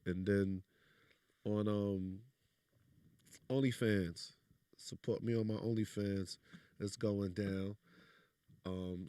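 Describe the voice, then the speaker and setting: A man's voice: fairly low pitch, a little mellow, clean tone, no echo, clean studio sound. A man from New York with a New York accent, speaking bluntly in casual podcast chat. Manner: blunt, streetwise, repeats "you know what I'm saying". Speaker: podcast guest.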